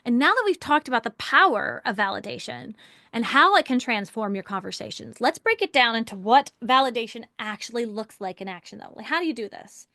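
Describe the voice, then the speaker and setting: A woman teaching an online relationship communication workshop, animated, asking rhetorical questions and acting out example phrases. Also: on the high side, a little fast, vocal fry, no echo, clean studio sound. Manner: acts out example phrases in changed voices.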